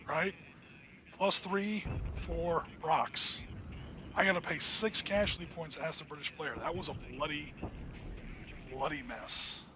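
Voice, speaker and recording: A man hosting a podcast, narrating his own solo tabletop wargame and cheering on his dice rolls as he plays. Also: on the high side. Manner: excitable, talks to himself while playing. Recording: dull lo-fi sound with clear background noise.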